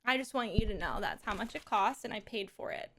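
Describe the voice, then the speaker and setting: A woman's voice: mid-range voice, expressive, fairly quick, fairly bright tone. A woman live streaming from home, talking in a rambling, casual way and swearing and laughing often.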